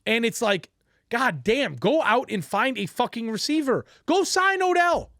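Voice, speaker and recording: A man rants about football on a podcast, swearing freely and hammering each point home. His voice swings widely in pitch as he builds and drops. The sound is dry and close, with no room around it. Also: lively intonation, moderate pace, vocal fry, fairly bright tone, no room sound. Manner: profane, ranting, emphatic. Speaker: sports podcast co-host. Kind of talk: heated sports talk.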